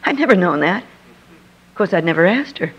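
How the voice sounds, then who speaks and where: A woman's voice: lowish voice, big pitch swings, moderate pace, slightly rough. An older woman, a Christian speaker, telling a personal story and acting out the dialogue in a lo-fi archive recording. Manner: vivid storyteller who acts out dialogue.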